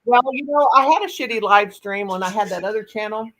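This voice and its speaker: A woman's voice: medium pitch, brisk, a bit bright, low-quality recording. A woman in her fifties hosting a live stream, telling candid, rambling stories in casual chat. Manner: blunt, candid rambling storyteller.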